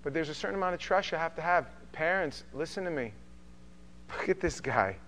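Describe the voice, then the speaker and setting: Man, pastor, sermon, animated, shifts from soft to shouting, slightly high voice. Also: brisk, slight background noise. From from an Italian Sicilian family. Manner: animated, acts out dialogues, swings from quiet to shouting.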